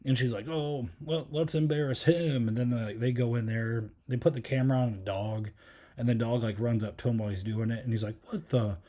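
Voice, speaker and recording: A man's voice: medium pitch, little pitch movement, fast talker, dark tone. A man hosting a podcast, giving a casual solo film review in a rambling way, full of fillers and restarts. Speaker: podcast host.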